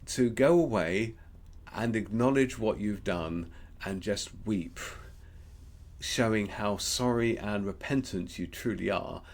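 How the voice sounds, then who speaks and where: A man with an Australian accent giving a gentle, reflective Lenten devotional, pausing often with ums. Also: lowish voice. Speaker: preacher.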